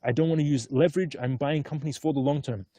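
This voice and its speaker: A man chatting casually on a live stream from an outdoor hilltop, easygoing and often excited. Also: fairly high pitch, fast, dry recording. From Australia. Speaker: stock market vlogger.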